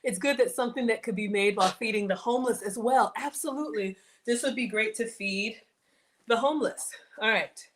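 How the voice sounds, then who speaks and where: A woman's voice: a little high, a little fast. A woman chatting casually while hosting a live cooking stream, reading viewer comments aloud and laughing often. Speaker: livestream cooking host.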